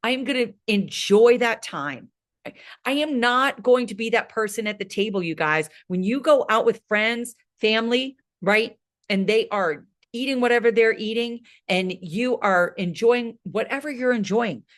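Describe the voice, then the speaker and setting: A woman's voice: a little high, normal speed. A woman in her late fifties, a fitness coach giving an emphatic motivational talk to her group, often ending points with "right?". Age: 50s. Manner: energetic, emphatic, frequent "right?" tags.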